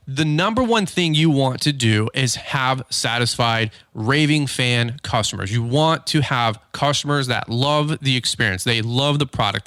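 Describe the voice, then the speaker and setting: Energetic, chatty podcast host, dry sound. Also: male voice, medium pitch, no room sound. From Michigan. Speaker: podcast host, lawn business owner. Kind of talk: casual podcast talk. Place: home studio in garage.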